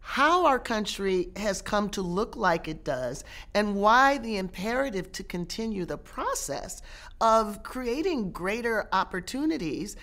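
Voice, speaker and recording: A middle-aged woman professor and author answering interview questions in a measured way, often pausing and restarting her phrases. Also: medium pitch, animated, a bit bright. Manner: measured, with frequent restarts and pauses.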